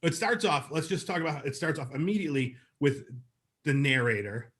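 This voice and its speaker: A man's voice: on the high side, expressive, brisk, fairly bright tone. A man co-hosting a podcast, reviewing a TV episode in a chatty, upbeat way with lots of fillers. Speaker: podcast co-host. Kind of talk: casual review chat.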